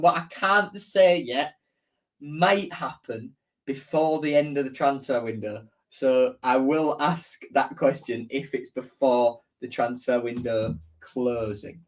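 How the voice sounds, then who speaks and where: A man's voice: medium pitch, takes it slowly. A man hosting a casual live-stream football match preview, chatting and reading out viewer comments as he answers them. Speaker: football fan channel host.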